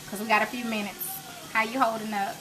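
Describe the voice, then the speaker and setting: A woman's voice: fairly high pitch, level tone, quick pace, noisy background. A woman, hosting a live home cooking stream, chatting with viewers and urging them to pray. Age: 30s. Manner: chatty, preachy, encouraging faith talk. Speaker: cooking show host. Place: home kitchen.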